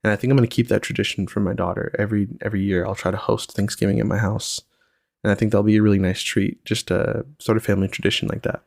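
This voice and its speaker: A man's voice: on the low side, flat delivery, fast talker, gravelly, darkish tone, dry recording, studio quality. A young man hosting a podcast, talking in a reflective, rambling way with lots of fillers. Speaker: podcast host. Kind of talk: casual solo podcast chat.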